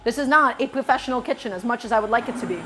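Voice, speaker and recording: A woman's voice: a little high, rapid-fire, pushed and bright, slight background noise. A woman streaming a cooking lesson from her home kitchen, talking to her viewers in an emphatic, repetitive way. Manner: emphatic, repeats key points while chatting to viewers.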